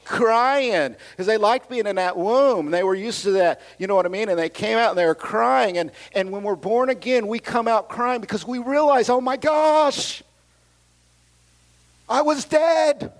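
A middle-aged male pastor preaching with a fairly high, light voice. He swings between booming passages and hushed asides, with casual slang and frequent hallelujahs. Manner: animated preaching, swings from loud to quiet asides. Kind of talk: sermon.

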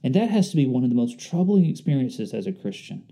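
A man's voice: medium pitch, big pitch swings, fast talker, mellow. A man preaching a sermon, earnest and conversational, reflective as he speaks to his congregation. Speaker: pastor.

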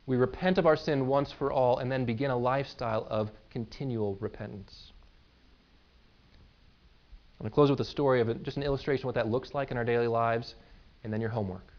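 A pastor in his thirties preaches in a relaxed, conversational way, often checking in with his listeners. His voice is a man's, sitting at a middle pitch. The recording sounds dull and lo-fi. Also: fairly quick. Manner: conversational, checks in with "right?" and "okay?". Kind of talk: sermon.

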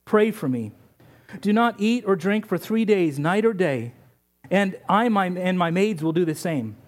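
Man voicing a young queen, brave, earnest, resolute, high voice. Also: animated, a little slow. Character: brave young queen pleading for her people.

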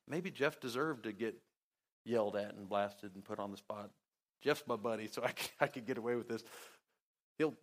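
A man preaching a sermon as pastor, talking conversationally with sarcasm, his pitch and loudness jumping as he acts out quotes. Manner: big swings in pitch and loudness.

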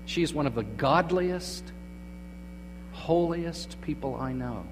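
A man preaching a sermon as pastor, moving between quiet, hushed phrases and emphatic, raised lines. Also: fairly high pitch, lively intonation, slow pace. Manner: dramatic shifts between hushed and emphatic delivery. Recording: long hall reverb with faint mains hum.

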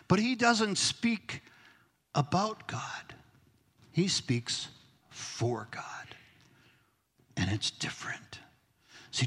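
A man's voice: mid-range voice, slightly rough. A man preaching a sermon as pastor, emphatic, sometimes dropping to a near-whisper to stress a point. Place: church sanctuary. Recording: long hall reverb.

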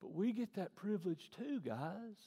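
A man preaching a sermon as pastor, swinging from hushed, tender passages to loud, fervent ones. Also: high-pitched, big pitch swings, moderate pace, gravelly, breathy edge. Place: church. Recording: long hall reverb.

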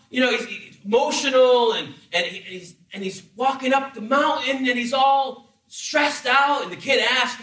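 A high, bright-voiced man preaching a sermon, lively and humorous, slipping into acted voices as he tells the story. He sounds a little off the mic, and the room around him echoes. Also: moderate pace, few pauses, recorded from a distance. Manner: animated, acts out voices with humor. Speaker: pastor.

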